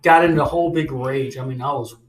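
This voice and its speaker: A man's voice: mid-range voice, fast talker, roomy sound, poor audio. A man casually telling a story as a podcast co-host, acting out angry phone calls and cursing as he goes. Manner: animated, swearing, acts out angry phone calls.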